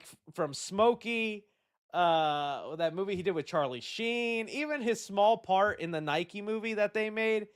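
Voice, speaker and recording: A young man hosting a live stream in casual chat, joking and answering chat questions. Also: fairly high pitch. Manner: animated and joking, reads chat aloud. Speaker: host.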